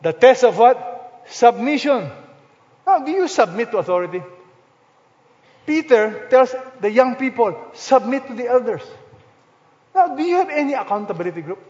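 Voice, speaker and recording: A Filipino-accented man preaches from the pulpit in a notably high voice, pressing his listeners with one pointed question after another. He jumps from loud, stressed words to near-hushed lines. The sound is dull and lo-fi, with a long reverb tail from a large church hall. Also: sing-song, moderate pace, pauses often. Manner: emphatic rhetorical questions, swings between loud and hushed. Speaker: pastor. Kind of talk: sermon.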